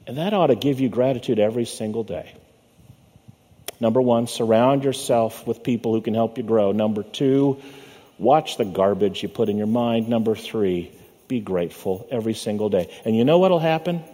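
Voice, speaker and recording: A male pastor preaching a sermon in a church sanctuary. He uses a measured preaching cadence, slowing down and dropping low on the words he wants to land. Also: mellow. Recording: long reverb of a church hall.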